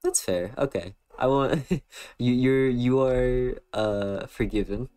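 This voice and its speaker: A man's voice: medium pitch, takes it slowly, darkish tone, clean tone, soft background music. A young man with an American accent, chatting casually on a stream and answering chat in a rambling, playful way, full of fillers. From western United States.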